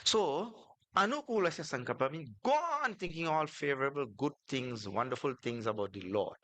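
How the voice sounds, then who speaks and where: A man giving a devotional sermon as a swami, telling his stories in an animated way and repeating phrases for emphasis. His voice sits at an ordinary middle pitch. The sound is dry and close. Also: normal speed, no echo. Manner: animated, repetitive storytelling with rising emphasis. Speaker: swami, spiritual teacher.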